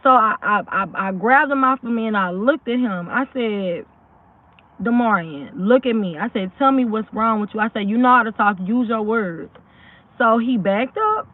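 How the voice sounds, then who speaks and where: A woman's voice: on the high side, moderate pace. A woman recounts a personal story in a loose, rambling way, with lots of restarts and frequent check-ins with her listeners. The sound is thin and tinny, like a voice coming through a phone line. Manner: rambling, keeps asking "you know what I'm saying". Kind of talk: casual spoken true story.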